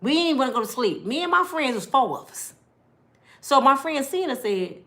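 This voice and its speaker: Brief: lively woman recounting a story to listeners, bright and forceful, swings from hushed to loud. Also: sits high, brisk. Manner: animated, acting out voices, laughs; colloquial, addresses listeners directly. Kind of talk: personal storytelling.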